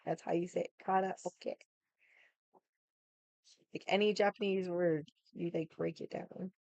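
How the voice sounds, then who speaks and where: A young woman hosting a casual livestream chat, talking in an animated way, laughing often and swearing casually. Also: lowish voice, a little slow, gravelly, no room sound, muffled recording. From United States. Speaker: livestream host.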